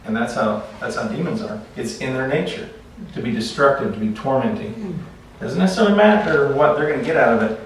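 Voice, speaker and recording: A man teaching a class in a relaxed, conversational way, telling stories and often restarting his sentences. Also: mid-range voice, fairly quick. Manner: conversational, repeats words when restarting. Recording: echoey room, far from mic, faint noise.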